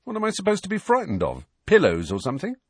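Storybook casting: a husky, mocking teenage boy with a sharp tongue, as a man puts him on, pitched up high. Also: huge pitch swings, fast talker, no room sound, full character voice. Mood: taunting. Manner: mocking, sarcastic.

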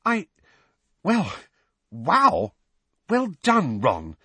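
A man reading as an excitable teenage schoolgirl, squeaking far above a normal voice and tumbling over her words. Her tone is husky and breathy, and the sound is dry and close. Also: extremely slow, no echo, exaggerated voice. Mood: flustered. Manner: breathless, high-pitched and flustered. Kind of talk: audiobook character voice.

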